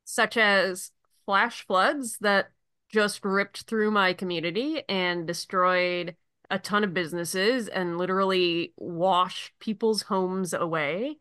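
A woman co-hosting a podcast with a bright, forceful voice. She talks casually and animatedly, swearing freely. She is from Connecticut. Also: mid-range voice, takes it slowly, clear, resonant tone, no echo, clean studio sound. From Connecticut, USA. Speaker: podcast co-host. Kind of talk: casual chat.

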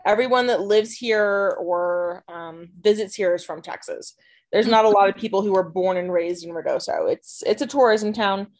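A woman's voice: mid-range voice, normal speed. A woman in casual chat, self-deprecating and laughing, often trailing off. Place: lives in a mountain ski town.

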